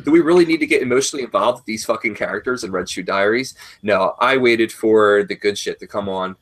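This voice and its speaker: A man in his thirties, co-hosting a casual chat, telling a long profane story in a rambling, animated way. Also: lowish voice, quick pace. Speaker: podcast co-host.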